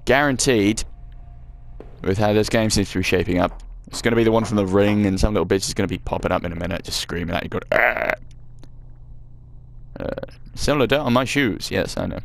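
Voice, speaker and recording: A man's voice: fairly low pitch, fast talker, creaky. A man chatting self-mockingly as he plays through a game, swearing now and then. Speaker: let's play gamer. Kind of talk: casual gameplay commentary.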